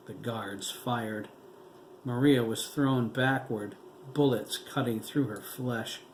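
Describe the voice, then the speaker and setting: Brief: male author narrator, unhurried reading, echoey room, faint hiss. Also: medium pitch. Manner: slow, measured reading. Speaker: author narrating own novel. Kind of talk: audiobook narration.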